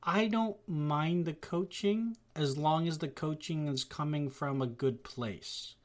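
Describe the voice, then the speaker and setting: A speaker in casual chat who rambles and talks in an animated way, often acting out what others say. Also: mid-range voice, slow. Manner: rambling, animated, acts out quotes.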